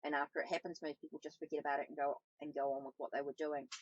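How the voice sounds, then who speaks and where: A woman reading the lines of a perceptive, calm spiritual guide in a storybook, in a plain read-aloud voice with small slips. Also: sits low, racing, dry recording, lo-fi sound.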